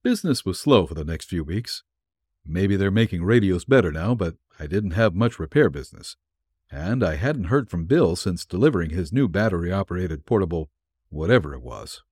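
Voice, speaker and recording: A man's voice: deep voice, expressive, normal speed, darkish tone, breathy edge, no room sound, clean studio sound. A man reading a vintage pulp story aloud in a wry, hard-boiled first-person manner. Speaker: narrator.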